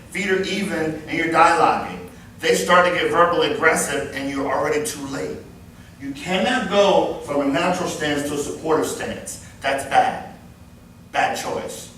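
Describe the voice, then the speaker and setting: A man in his fifties running a live workplace safety training class, animated and joking as he demonstrates moves. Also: a little high, a little hiss or hum. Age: 50s. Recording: very echoey room, far mic, faint ambience.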